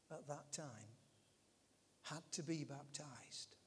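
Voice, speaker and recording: A man's voice: a little high, measured pace, pauses often, big-room sound. A male pastor preaching a sermon in a church, emphatic and calling out to the congregation.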